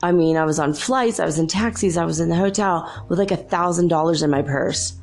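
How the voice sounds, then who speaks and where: A woman with a low, gravelly, creaky voice hosts a podcast, telling stories in a loose, rambling monologue. She's chatty, laughs often, and talks fairly quickly in a slightly mellow tone, with faint guitar music behind her.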